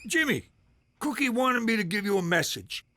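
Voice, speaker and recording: A man's voice: sits high, very animated, moderate pace, pushed and bright, no echo, studio quality, heavily acted. An actor voicing a crude, brash male mobster uncle in an adult cartoon. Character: crude older mobster uncle, divorced six times.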